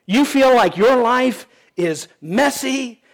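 High-voiced man preaching a sermon. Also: animated, slow. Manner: earnest and pleading, with many restarts and rhetorical questions. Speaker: pastor.

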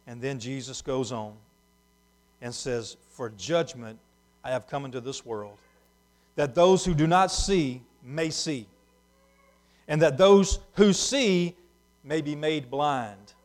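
A man preaching a sermon, moving between hushed, slow passages and loud, emphatic ones. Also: mid-range voice, faint music behind.

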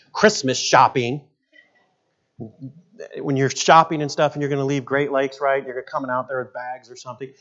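A man's voice: mid-range voice, dull audio. A man in his fifties, a pastor, preaching a sermon with folksy stories, jokes and asides. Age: 50s.

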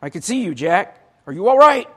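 A preacher putting on a calm, unhurried God who talks plainly and patiently. He gives firm, simple instructions with a quiet steadiness. The voice stays close to the preacher's own. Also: sits high, breathy edge, exaggerated voice.

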